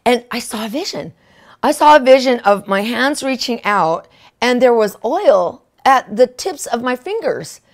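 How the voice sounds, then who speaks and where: A woman minister telling a testimony in a sermon, excitable, often laughing and asking "right?" and "okay?". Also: fairly high pitch, unhurried. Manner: laughs often mid-sentence.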